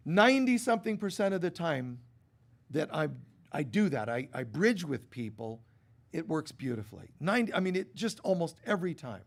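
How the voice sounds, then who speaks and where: A middle-aged man preaching a sermon in a conversational way, acting out the voices he quotes and swinging from loud to hushed. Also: on the high side, sing-song, a little fast, gravelly. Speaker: pastor.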